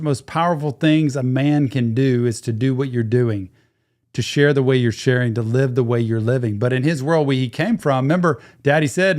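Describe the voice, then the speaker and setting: A man's voice: medium pitch, normal speed, a little mellow. A man, a therapist, giving casual, enthusiastic and reflective commentary while reacting to a song. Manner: enthusiastic, reflective, talks over the track. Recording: music playing in the background.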